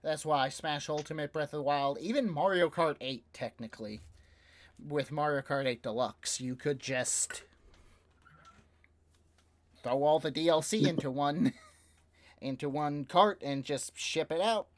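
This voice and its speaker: A young man with a slightly high voice rambles through a casual podcast chat. He hesitates often with fillers and laughs easily as his thoughts wander. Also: unhurried, long pauses. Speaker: podcast co-host. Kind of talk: casual chat about video games.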